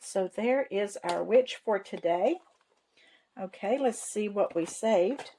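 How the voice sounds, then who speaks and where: A woman narrating a casual cash-stuffing vlog in an unhurried, drawn-out way. She sounds folksy and homey, counting bills aloud half to herself, with a faint hiss of noise behind her voice. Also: medium pitch, creaky, dark tone, poor audio. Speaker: savings channel host.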